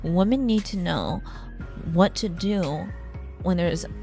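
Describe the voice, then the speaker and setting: A woman's voice: on the low side, slow pace, vocal fry, dark tone. A woman impersonating a female politician giving a stern, emphatic speech, with faint music behind.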